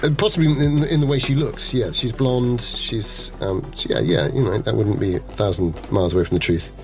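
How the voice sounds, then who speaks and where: A man's voice: on the low side, brisk. Amused male game master over music. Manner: amused, laughing narration with restarts. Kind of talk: narrating a tabletop game. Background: background music.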